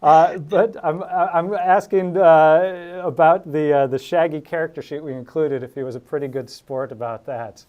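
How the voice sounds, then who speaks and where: A man's voice: a little high, steady tone, moderate pace, hardly any pauses, highs cut off. A man hosting a casual chat, easygoing and talkative, often laughing. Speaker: host.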